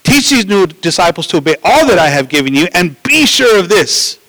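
A man preaching a sermon in an animated way, with frequent restarts and asides to the listeners. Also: high-pitched, a little fast, no room sound, low-quality recording. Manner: animated preaching, acts out voices, many restarts and "right?".

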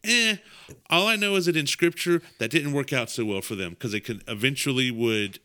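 A man's voice: medium pitch, normal speed, sharp tone, smooth. A man co-hosting a podcast, telling stories in an easygoing, jokey way. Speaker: podcast co-host. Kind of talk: casual chat.

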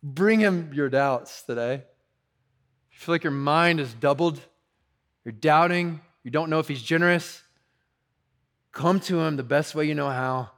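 A male preacher delivers his sermon with an easygoing, conversational urgency, often dropping in "like" and "you know". His voice sits fairly high for a man. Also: a little slow, pauses often, a bit bright. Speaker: pastor.

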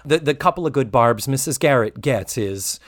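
A podcast co-host recapping a TV episode in casual chat, animated and quoting the characters. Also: mid-range voice, no echo. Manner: animated, quotes and mimics characters.

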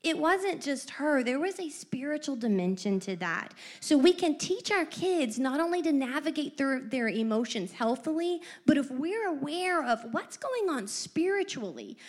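High-voiced animated woman storyteller. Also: moderate pace, hardly any pauses. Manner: animated storyteller with lively asides. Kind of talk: casual faith-based parenting chat.

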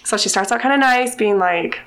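A woman's voice: fairly high pitch, a little fast, fairly bright tone. A young woman chatting casually as a podcast guest, retelling a children's book with lots of "like" fillers. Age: young adult. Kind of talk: casual storytelling chat.

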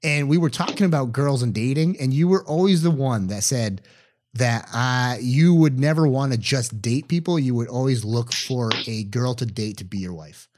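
Animated young man telling stories. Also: medium pitch, moderate pace. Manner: animated storyteller, acts out quotes, swears freely. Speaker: podcast co-host. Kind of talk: casual storytelling chat.

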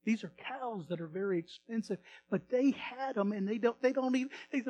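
A male pastor telling a story in a sermon, animated, swinging from loud bursts to hushed retelling. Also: sits high, fairly quick.

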